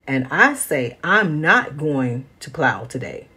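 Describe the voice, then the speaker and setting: A woman's voice: low-pitched, very animated, takes it slowly, bright, forceful tone, husky, exaggerated voice. A woman voicing a stubborn, grumpy old talking mule in a storybook, snappish and defiant.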